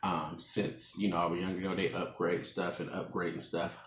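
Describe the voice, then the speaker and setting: A man's voice: low-pitched, flat delivery, a little fast. A man in his twenties, a mukbang vlogger telling a rambling story to his viewers at home, laughing often as he talks. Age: 20s. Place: room at home. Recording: echoey room.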